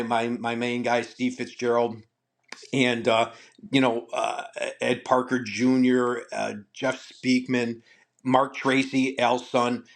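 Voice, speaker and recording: Older male interview guest, lively storyteller, restarts and repeats, plain conversational voice. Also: mid-range voice. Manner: animated storyteller, acts out quotes, repeats words. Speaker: martial arts guest.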